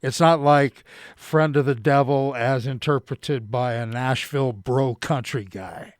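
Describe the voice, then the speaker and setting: Relaxed male radio host. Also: mid-range voice, unhurried, no room sound, studio quality. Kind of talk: radio interview.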